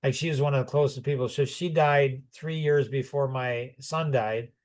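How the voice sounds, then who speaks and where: A man's voice: medium pitch, steady tone, moderate pace. A man in his sixties telling personal stories in conversation, rambling and reflective, often restarting and chuckling. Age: 60s.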